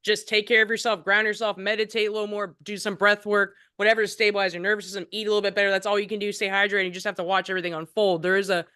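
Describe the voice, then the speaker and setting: A woman guest in a casual chat, talking quickly and with upbeat assurance. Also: medium pitch, little pitch movement, bright, forceful tone, smooth, no echo, studio quality.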